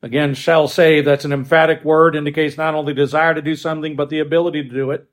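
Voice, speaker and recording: A man preaching a sermon with emphatic stresses and quiet asides, stopping now and then to restart a phrase. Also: a little high, level tone, fast. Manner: swings between loud stresses and quiet asides. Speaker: pastor.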